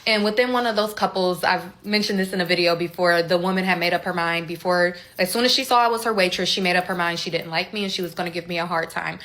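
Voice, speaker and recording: Young woman, storytime vlogger, bright, lively candid delivery. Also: lowish voice, fast, hardly any pauses. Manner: candid, conversational, animated retelling with quoted dialogue. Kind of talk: casual storytime.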